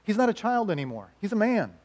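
A middle-aged man preaching a sermon, telling stories in an animated way and swinging between loud lines and hushed ones. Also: high voice, fast talker. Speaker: pastor and chaplain.

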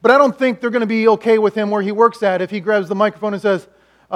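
A middle-aged man preaching a sermon, telling stories in an animated way and swinging between loud lines and hushed ones. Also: sits high, fast talker. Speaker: pastor and chaplain.

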